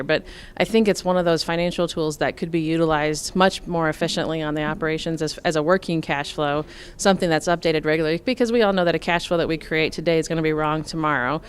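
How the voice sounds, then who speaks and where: A middle-aged woman from Nebraska answering interview questions about farm finances in a measured, explanatory way, with frequent fillers. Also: deep voice, steady tone, clean tone. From Nebraska, USA. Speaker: farm finance expert, guest.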